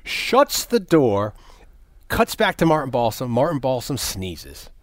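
A man's voice: mid-range voice, huge pitch swings, measured pace, no echo, clean studio sound. A man in casual conversation, retelling a film scene by scene, acting out the characters' lines, swearing freely and often restarting his sentences. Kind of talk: casual movie discussion.

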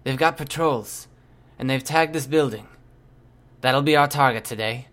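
A man reading aloud, voicing a calm, matter-of-fact leader who speaks quietly and plainly. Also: medium pitch, moderate pace, close to an everyday voice.

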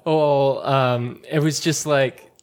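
A man's voice: medium pitch, steady tone, slow pace, darkish tone, clear, resonant tone. A man co-hosting a podcast, chatting casually and wandering off on tangents, often restarting his sentences. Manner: chatty, tangential, self-interrupting. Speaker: podcast co-host. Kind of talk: casual chat.

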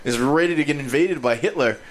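Casual podcast co-host, male, mid pitch, rambly and excitable, light background hiss. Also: a little fast. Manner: animated, rambling, voice jumps high when indignant. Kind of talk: casual chat. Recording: faint background noise.

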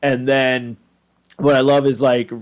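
A man's voice: mid-range voice, flat delivery, slow pace. A man with a mid-range voice talks loosely through a cartoon episode, piling on fillers and acting out bits of the lines. He rambles in a chatty, informal way. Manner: rambling, chatty, full of fillers and acted-out quotes. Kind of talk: casual episode recap.

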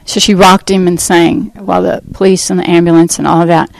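A middle-aged woman telling her personal testimony in an earnest, conversational way, pausing and restarting as she goes. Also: on the low side, level tone, creaky, dry recording, low-quality recording. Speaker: speaker giving a testimony.

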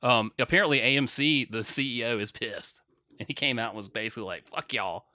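A man telling a profane story in casual chat, with loud reenacted shouting. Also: medium pitch, fast talker, dry recording, studio quality. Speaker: podcast co-host.

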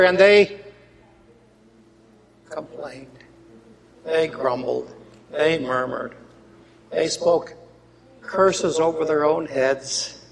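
High, gravelly-voiced preacher in a hall. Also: male voice. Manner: swings between loud emphatic reading and quiet asides. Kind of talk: sermon with scripture reading. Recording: long hall reverb.

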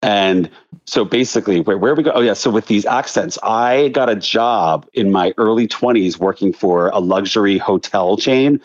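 Speaking at a moderate pace in a voice on the low side, a man in his thirties from Delaware County, just outside Philadelphia, chats as an interview guest. The choreographer tells animated stories, restarting often, and the relaxed talk comes through a dull, lo-fi recording.

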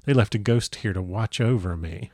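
A man's voice: lowish voice, normal speed, darkish tone, no echo, studio quality. A man reading the part of a bitter old male witch who growls and sneers as he refuses to help. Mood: gloating.

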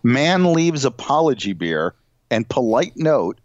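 Middle-aged male podcast host, animated and rambling; dry, slightly dull recording. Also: mid-range voice, slow pace, no echo. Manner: rambling, laughing, animated storyteller. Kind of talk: casual chat, reading news stories aloud.

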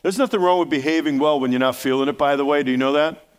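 A pastor in his fifties preaching a sermon in a conversational style, joking and teasing his listeners, then pushing up into loud bursts of emphasis. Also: on the high side, quick pace, clean tone. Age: 50s. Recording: reverberant hall.

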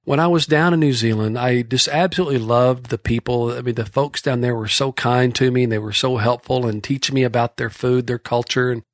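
A man's voice: mid-range voice, steady tone, a little fast, hardly any pauses, no echo, clean studio sound. Folksy Texan man telling stories. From Texas. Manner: folksy, rambling storyteller. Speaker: horse trainer. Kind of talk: casual podcast storytelling.

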